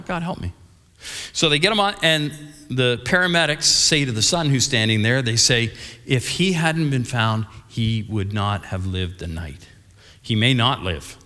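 A man preaching as a pastor, telling a story animatedly and acting out the dialogue and shouts. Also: lowish voice. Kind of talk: sermon storytelling. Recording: long hall reverb.

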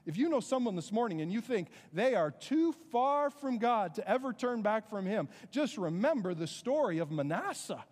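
A man preaching a sermon as pastor, earnest and conversational, with quick asides to the congregation. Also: high-pitched, darkish tone, long reverb tail.

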